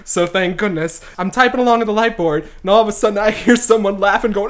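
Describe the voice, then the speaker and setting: A young man in casual chat about his theater school days, swearing freely and telling animated, joking stories. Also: high-pitched, brisk, few pauses. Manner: profane, joking, animated storyteller. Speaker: former theater student.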